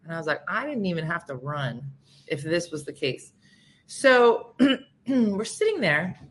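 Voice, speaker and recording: A woman's voice: on the low side, unhurried. A woman as a guest on a talk show, casually telling a comic story and acting out the people in it. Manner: animated, acts out quoted people.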